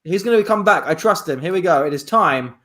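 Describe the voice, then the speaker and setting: A man's voice: sits high, lively intonation, a little fast, bright, forceful tone. A man hosting an improvised comedy livestream, reading out suggestions in a playful, rambling way. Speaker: improv show host.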